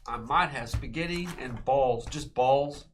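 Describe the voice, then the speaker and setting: A man's voice: mid-range voice, measured pace, noisy background. A man co-hosting a live card break stream, bantering and laughing with the host. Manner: laughing, banters about food. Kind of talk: casual live-stream chat.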